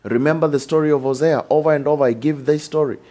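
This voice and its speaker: A man preaching a sermon with animated delivery, repeating lines and asking rhetorical questions. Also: on the high side, fast. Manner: acts out short dialogues in changed voices.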